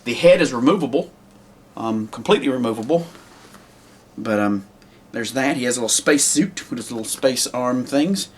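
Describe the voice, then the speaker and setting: A man walking through his handmade puppet collection in a loose, unscripted way, with lots of pauses and restarts. His voice sits at an ordinary middle pitch. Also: a little hiss or hum. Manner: rambling, with many ums and restarts. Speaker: puppet maker. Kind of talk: casual show-and-tell.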